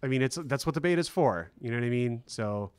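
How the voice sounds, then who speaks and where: Animated man joking through a game stream. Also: medium pitch, fast, clear, resonant tone. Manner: animated, joking, answers viewer questions. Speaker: game developer co-hosting a dev stream. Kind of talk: casual chat and game commentary.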